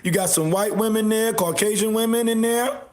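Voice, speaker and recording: Mocking high-voiced man ranting on a livestream. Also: normal speed, roomy sound. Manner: mocking, loud laughing outbursts, insults viewers. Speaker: livestream host.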